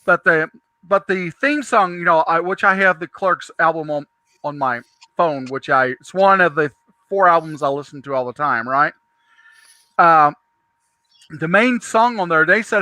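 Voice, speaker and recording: Male host, casual storyteller, high bright tone, dry room. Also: normal speed, no room sound. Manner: rambling, animated storyteller with many restarts.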